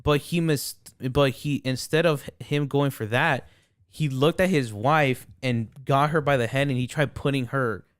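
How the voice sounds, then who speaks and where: A young man chatting loosely on a podcast, circling his points with restarts and swearing. His voice is smooth and clear. The sound is dry and close. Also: medium pitch, measured pace, no echo. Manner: rambling, swears a lot, many restarts. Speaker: podcast co-host. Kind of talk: casual chat.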